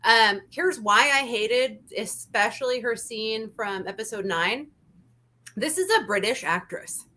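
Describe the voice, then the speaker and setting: A woman hosting a casual review chat, talking in an animated, emphatic way and repeating her points. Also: fairly high pitch, a little slow. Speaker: channel host.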